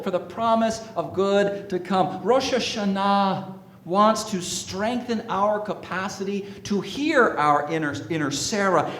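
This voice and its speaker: A man preaching a sermon to a congregation, slow and emphatic, asking the listeners rhetorical questions. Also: sits high, roomy sound, slight background noise. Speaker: minister. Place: sanctuary with congregation.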